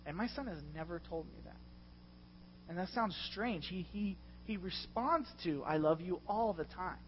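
A middle-aged man preaching a sermon as a pastor, passionate and confessional, with loud swells. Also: high voice, expressive, normal speed, highs cut off, slight background noise. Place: church.

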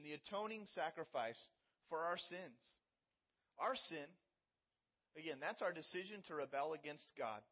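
A man's voice: a little high, muffled recording. A man preaching a sermon as pastor, explaining scripture in an earnest teaching manner with everyday illustrations.

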